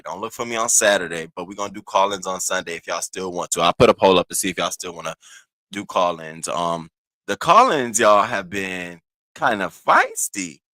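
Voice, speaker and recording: Man, livestream host, loose profane chat, bright tone, dry room. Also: deep voice, no room sound. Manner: loose, profane, talks to chat viewers by name.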